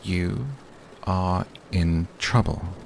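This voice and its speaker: A man voicing a wry, stubborn teenage girl in a soft, slow, whispered role-play reading. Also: deep voice, creaky, a little hiss or hum. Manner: soft, slow, barely acted.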